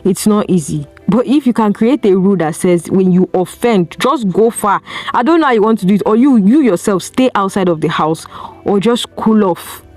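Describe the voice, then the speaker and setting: Over soft background music, a woman with a Nigerian accent hosts a solo advice podcast, her medium-pitched, darkish voice moving at a moderate pace with lively intonation. She's earnest and preachy, stacking up strings of rhetorical questions.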